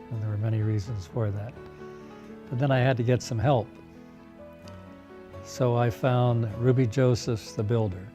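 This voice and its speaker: An older man telling stories in a documentary interview, unhurried, with fillers and soft laughs. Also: medium pitch.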